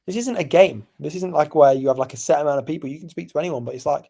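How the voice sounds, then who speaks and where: A young man from England, co-hosting a podcast and telling stories animatedly, jumping from loud to hushed. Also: on the high side, fast, creaky. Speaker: podcast co-host. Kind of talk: casual chat.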